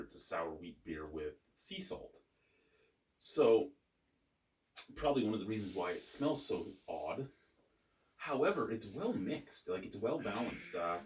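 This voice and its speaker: A man's voice: lowish voice, roomy sound, distant mic. A man hosting a casual beer review, rambling and joking with the odd swear word.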